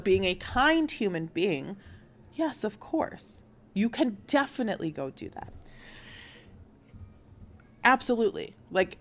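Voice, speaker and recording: Young woman telling a crazy story on her stream, super animated, swears a lot, lowish voice. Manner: animated, acts out quotes, swears freely. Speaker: news show host. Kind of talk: casual storytelling recap.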